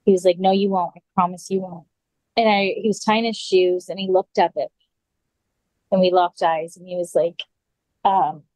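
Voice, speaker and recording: A woman's voice: fairly low pitch, steady tone, moderate pace, pauses often, darkish tone, no room sound, rough recording. A woman guest on a podcast, recounting a personal story casually, full of "like" and acted-out quotes.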